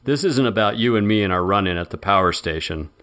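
Menacing male heavy with a gun, low and sneering, read by a man. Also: lively intonation, quick pace, a bit bright. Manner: taunting, sneering.

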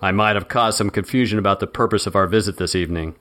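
A man's voice: fairly low pitch, steady tone, fast talker, sharp tone. A man voicing a menacing male thug who taunts his captive. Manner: taunting, sneering.

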